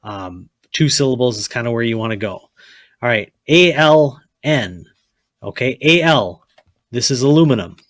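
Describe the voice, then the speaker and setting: A man's voice: mid-range voice, lively intonation, normal speed, a bit bright, no room sound. A man teaching a chemistry lesson, blunt and repetitive, often checking with "okay?" and telling students to write things down. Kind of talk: classroom lecture.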